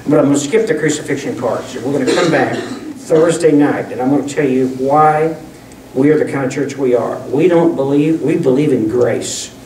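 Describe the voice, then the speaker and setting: Folksy preacher in an echoey church. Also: male voice, medium pitch, moderate pace, warm tone, a little hiss or hum. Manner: folksy, conversational preaching with restarts. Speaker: pastor. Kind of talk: sermon. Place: church sanctuary. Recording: echoey room, distant mic.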